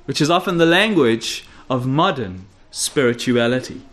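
A man preaching an expository sermon, stressing key phrases by repeating them and dropping low and quiet, and putting rhetorical questions to his listeners. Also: big pitch swings, normal speed, hardly any pauses. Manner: asks the audience rhetorical questions.

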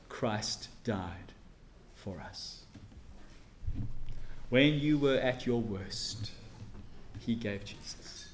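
A man preaching a sermon and reading scripture, earnest, swelling loud on key phrases and dropping soft for emphasis. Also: mid-range voice, animated, extremely slow, long pauses.

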